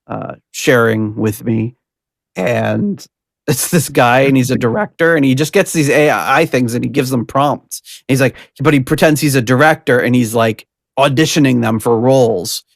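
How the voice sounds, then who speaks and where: Gravelly, laughing podcast host man. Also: medium pitch, moderate pace, no echo, studio quality. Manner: rambling, laughing, with fillers and restarts. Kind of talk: casual podcast chat.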